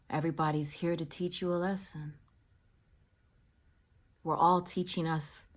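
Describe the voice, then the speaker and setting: A woman's voice: low-pitched, darkish tone. A woman telling a personal story in a casual, reflective way, often dropping into whispers for emphasis. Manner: reflective, spiritual musing.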